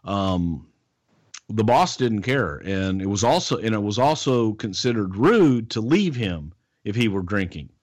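A middle-aged man telling wrestling stories on a podcast in a casual, animated way. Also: a little slow, dry recording. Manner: animated, jumps into high impressions of others. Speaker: guest, wrestling personality.

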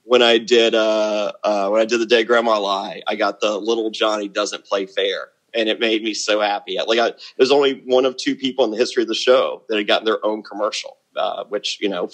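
A man's voice: fairly low pitch, fairly even intonation, fairly quick, hardly any pauses. A middle-aged man chatting as a podcast guest, blunt and boastful, often repeating words as he starts a thought. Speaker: podcast guest, former reality show contestant. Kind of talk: casual interview chat.

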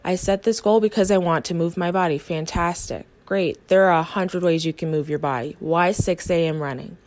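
A woman's voice: lowish voice, fairly even intonation, moderate pace, a little mellow. Encouraging woman hosting a self-help podcast. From United States. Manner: earnest, encouraging, voices the listener's inner thoughts. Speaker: podcast host and coach. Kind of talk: motivational podcast talk.

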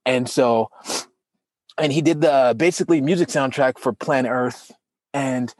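In casual chat, a man tells a personal story with feeling, speaking a little slowly on a recording with no room sound. He animatedly acts out what people said, with big jumps in pitch.

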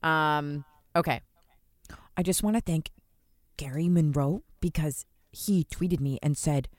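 A woman co-hosting a podcast in casual chat, her voice sitting a little low for a woman. She tells stories with lots of "like" and quick laughs. The sound is dry and close, with no room around it. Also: darkish tone, dry recording. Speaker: podcast co-host.

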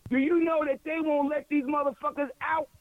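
A man with a strikingly high voice co-hosts a casual podcast. He rants loudly and swears freely, talking in a rough, blunt way. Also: level tone, fairly quick, no echo, narrow, tinny audio. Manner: loud, profane ranting. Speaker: podcast co-host.

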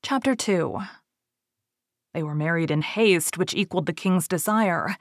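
A woman reading an old storybook tale aloud in a measured, steady way. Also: on the low side, no room sound, studio quality.

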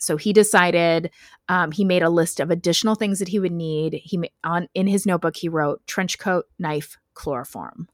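A chatty woman recounts a crime story in a loose, conversational way, peppering it with fillers and quick laughs. Her voice sits on the low side for a woman, and the sound is close and dry with no room around it. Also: steady tone, no echo. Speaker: podcast host telling a true crime story. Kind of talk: casual storytelling chat.

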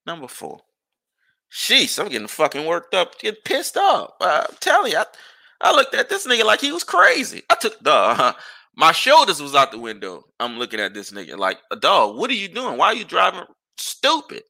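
Gravelly, exasperated ranting man. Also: fairly high pitch, moderate pace. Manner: animated, exasperated ranting with profanity and rhetorical questions. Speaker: podcast host. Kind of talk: casual ranting monologue.

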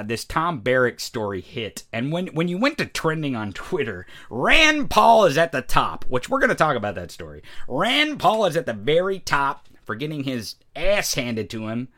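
Profane, sarcastic ranting male host. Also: on the high side. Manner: profane, sarcastic and swinging between loud outbursts and muttering. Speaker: political commentary host. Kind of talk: ranting political commentary.

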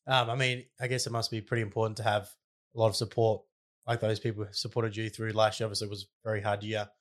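A man interviewing a player in a relaxed, chatty way, with "um" and "I mean" fillers. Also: fairly low pitch, fast. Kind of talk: casual interview chat.

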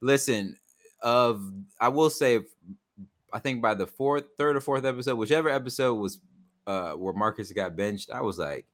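A man's voice: mid-range voice, moderate pace. A man co-hosting a podcast, chatting casually and playfully about football and calling his friend "brother.". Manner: animated, playful, says "my brother" and "brother". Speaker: podcast co-host. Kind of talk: casual sports chat.

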